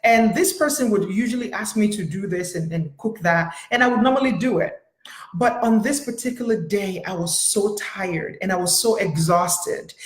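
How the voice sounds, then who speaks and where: A woman's voice: medium pitch, moderate pace. Woman therapist telling a story, earnest, lots of um and you know, echoey room. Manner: earnest, storytelling, many fillers. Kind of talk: personal talk to camera.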